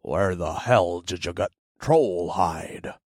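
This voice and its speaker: A man voicing a short, stout, gruff dwarf blacksmith in an audiobook. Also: low voice, takes it slowly, darkish tone, no room sound, studio quality, voice pushed down. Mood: suspicious. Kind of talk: audiobook narration.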